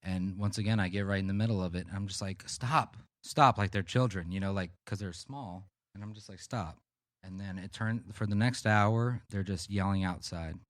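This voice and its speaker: A man's voice: sits low, a little fast, few pauses, no echo, clean studio sound. A man on a podcast telling a profane, rambling story in casual chat. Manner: rambling, profane, animated anecdotes. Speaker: podcast co-host.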